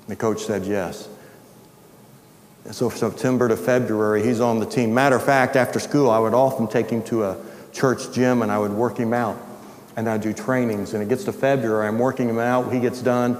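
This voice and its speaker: A male teacher from the US Midwest telling an animated personal story and acting out the dialogue. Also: on the low side, fairly quick. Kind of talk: storytelling testimony. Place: large hall. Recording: echoey hall reverb.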